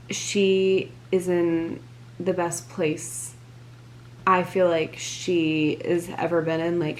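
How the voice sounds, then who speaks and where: A woman's voice: lowish voice, a little hiss or hum. A young woman vlogger chatting casually while she crafts, gushing and filling her talk with "like" and sighs. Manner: gushing, filler-heavy, breathy sighs.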